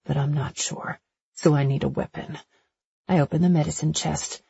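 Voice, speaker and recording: Husky, gravelly woman narrating an audiobook. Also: low-pitched, fairly even intonation, moderate pace, mellow, lo-fi sound. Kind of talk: first-person romance narration.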